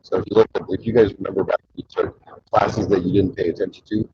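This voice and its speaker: Husky, low-voiced man telling rambling stories. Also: steady tone, quick pace, dark tone, no room sound, dull audio. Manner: rambling, frequent "uh" fillers, crude humor. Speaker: show host. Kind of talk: casual rambling storytelling.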